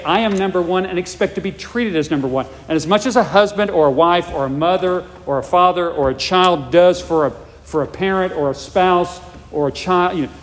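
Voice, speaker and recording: A male pastor preaching a sermon, emphatic and repetitive, often checking in with the congregation. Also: on the high side. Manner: emphatic, repeats points, checks in with "all right?". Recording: long reverb of a large hall.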